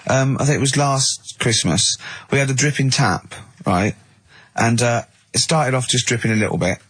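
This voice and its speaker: A man co-hosting a radio show, telling lively anecdotes in casual banter and mimicking the people he quotes. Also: medium pitch, normal speed, breathy edge, no room sound. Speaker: radio co-host. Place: radio studio.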